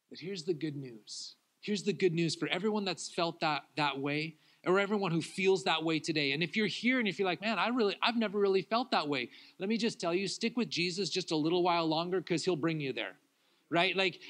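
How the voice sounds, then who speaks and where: A pastor with a high-pitched voice preaches a sermon, laughing often as he swings from loud, acted-out pleas to quiet, confiding talk.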